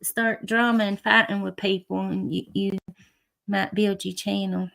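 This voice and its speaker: A woman's voice: medium pitch, little pitch movement, unhurried, gravelly, fairly bright tone. A woman in a casual livestream chat, making gossipy, disapproving remarks about another streamer.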